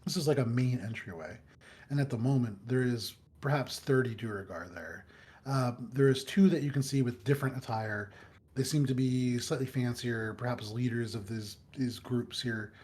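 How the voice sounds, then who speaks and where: A man's voice: medium pitch, normal speed, darkish tone. A man narrating a tabletop game as dungeon master, describing the scene with frequent ums and uhs. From United States.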